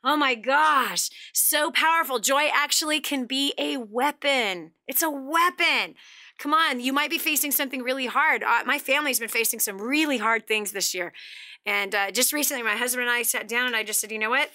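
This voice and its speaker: Bright, high-voiced chatty woman host. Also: moderate pace. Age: middle-aged. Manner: animated, laughing often, chatty. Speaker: radio show host. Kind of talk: motivational talk.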